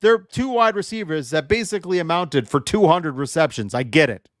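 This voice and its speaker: A man's voice: a little high, animated, fairly quick, no echo, studio quality. A young adult man hosting a livestream football show, emotionally charged and ranting while joking with his chat. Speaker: sports show host.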